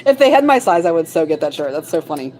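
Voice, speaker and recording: A woman's voice: sits low, big pitch swings, fast, darkish tone, poor audio. A woman co-hosting a casual livestream from a shop late at night. She is sleepy and silly, laughing and reading chat messages aloud. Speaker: livestream co-host.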